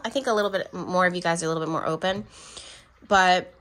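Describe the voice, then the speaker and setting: A woman's voice: medium pitch, a little fast, a bit bright. A woman giving a pick-a-card tarot reading, chatty and affectionate, speaking straight to her viewers and laughing between remarks. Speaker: tarot reader.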